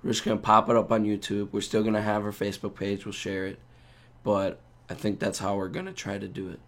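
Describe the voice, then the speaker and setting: A man co-hosting a casual podcast, hoarse and rough-voiced from being sick, rambling in a loose, joking way. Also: fairly low pitch, completely flat delivery, fairly quick. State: hoarse from a cold. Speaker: podcast co-host.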